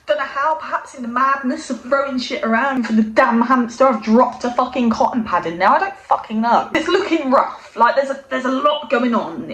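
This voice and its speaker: A young woman casually telling a comic story, swearing often in a deadpan way. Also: on the high side. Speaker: vlogger. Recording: roomy echo.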